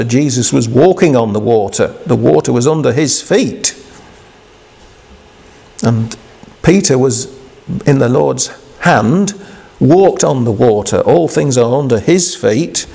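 A man preaching an informal devotional sermon, halting and conversational, often restarting and asking rhetorical questions. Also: medium pitch, gravelly, dark tone, husky.

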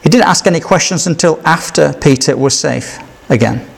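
Higher-pitched man preaching conversationally. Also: normal speed, vocal fry, husky. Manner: conversational, rhetorical questions, acts out quoted lines. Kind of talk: sermon.

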